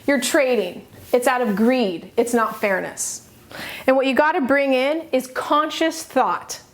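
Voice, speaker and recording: A middle-aged woman coaching, earnest and emphatic, pausing between short phrases. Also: high voice. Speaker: self-help coach. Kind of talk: motivational teaching talk.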